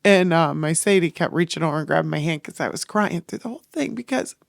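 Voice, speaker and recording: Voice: mid-range voice, animated, fast, creaky, no echo, studio quality. A podcast host speaking in a personal, reflective monologue, earnest and emotional, rambling through thoughts with restarts.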